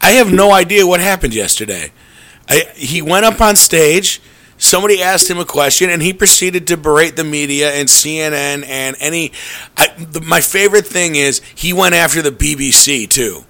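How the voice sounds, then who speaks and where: A man's voice: a little high, normal speed, sharp tone. A man hosting a casual podcast, rambling sarcastically with laughing asides. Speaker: podcast host.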